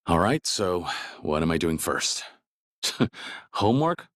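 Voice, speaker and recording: An actor playing a stoic, kind middle-aged ex-yakuza in a video game, speaking plainly and steadily. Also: male voice, takes it slowly, dry recording, studio quality, heavily acted. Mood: encouraging. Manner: plainspoken, steady, low-key.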